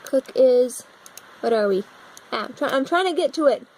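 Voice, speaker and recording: A woman's voice: high-pitched, animated, normal speed, darkish tone, poor audio. A young American woman vlogging casually, thinking aloud and puzzling over things as she browses on her computer, recorded on a phone propped against her laptop. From United States. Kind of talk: casual vlog narration while browsing a map on a computer.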